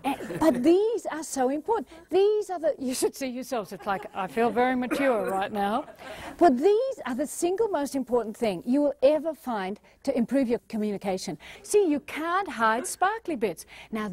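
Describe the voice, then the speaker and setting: A woman leadership trainer giving a playful, animated seminar talk to an audience. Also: on the high side, no room sound. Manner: playful and animated, acting out quotes with gasps.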